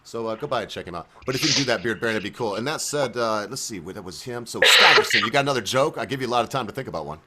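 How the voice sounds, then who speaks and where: A man's voice: mid-range voice, animated, racing, few pauses, crowd noise. A man hosting a casual group chat, rambling loosely and laughing often. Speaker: host.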